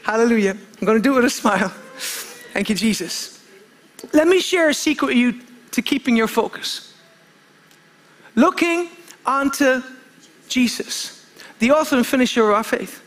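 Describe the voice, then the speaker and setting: Male preacher, unusually high pitch, fervent sermon delivery with repeats and restarts. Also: expressive, normal speed, pauses often, fairly bright tone. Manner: fervent, calls for amens, repeats phrases, stumbles and restarts. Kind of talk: impassioned sermon.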